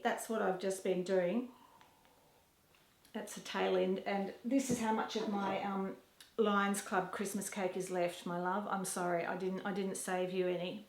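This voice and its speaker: A woman's voice: mid-range voice, level tone, unhurried. Aussie woman rambling to the camera in her kitchen, laughs a lot, echoey room. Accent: Australian. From Australia. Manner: chatty, rambling, laughs often. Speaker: vlogger. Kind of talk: casual chat to camera. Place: home kitchen. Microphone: camera set down nearby.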